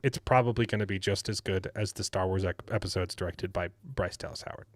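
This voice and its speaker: A man's voice: deep voice, a little fast, no room sound. A man hosting a podcast in casual chat, rambling with frequent restarts and laughter. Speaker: podcast host.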